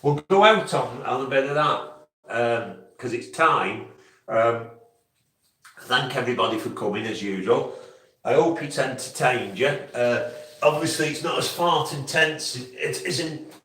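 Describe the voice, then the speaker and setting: A man's voice: mid-range voice, animated, unhurried, a bit bright. Male livestream host, a bit throaty, rambling chat with bursts of crooning, recorded in an echoey room from a distance. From England. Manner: rambling, breaks into humming and crooning. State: frog in his throat. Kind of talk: casual chat.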